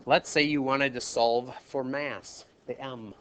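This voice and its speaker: A man's voice: mid-range voice, steady tone, slow pace, a bit bright. Math teacher, male, Minnesota accent, classroom lecture, drifts from the mic, faint room noise. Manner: asks the class questions, jokes and polls students.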